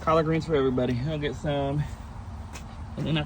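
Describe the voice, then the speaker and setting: A man filming a casual outdoor vlog as a reptile keeper, chatting in a relaxed way and talking fondly to his tortoises. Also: medium pitch, fairly quick, noisy background. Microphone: camera set on ground.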